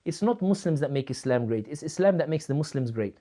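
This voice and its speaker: A man's voice: mid-range voice, animated, brisk, warm tone. A man, likely a young adult, speaking as a political commentator in an impassioned talk, fervent and rhetorical, building points with repeated questions.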